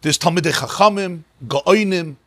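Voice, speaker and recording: A rabbi teaching a class on mystical texts in a synagogue, emphatic and animated, repeating words for stress and mixing in Hebrew and Yiddish terms. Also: male voice, high-pitched, moderate pace, dry recording.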